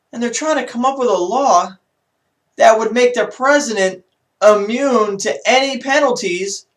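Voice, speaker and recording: A man with a fairly high voice hosts his own online talk show. His pitch swings widely as he rambles and jokes sarcastically through the news. It sounds like a casual solo monologue into a home mic. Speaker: YouTube talk show host. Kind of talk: casual political commentary monologue.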